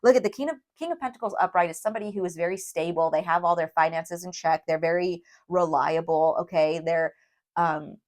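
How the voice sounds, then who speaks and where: A woman giving a tarot reading to viewers, emphatic and emotional, often checking in with a quick "okay?". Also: lowish voice, darkish tone. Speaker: tarot reader.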